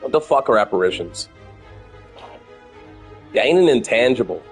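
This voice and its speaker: Swearing Australian streamer thinking aloud. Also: male voice, medium pitch, sing-song, normal speed, soft background music. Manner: thinks aloud, swears freely, chats with viewers. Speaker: game streamer. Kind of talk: casual gameplay commentary.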